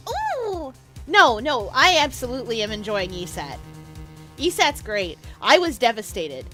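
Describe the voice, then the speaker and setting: A woman's voice: on the high side, huge pitch swings, measured pace, a bit bright, soft background music. A young woman streaming a game, chatting casually and rambling through stories with frequent laughs. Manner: chatty, rambling storyteller who laughs often. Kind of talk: casual livestream chat over gameplay.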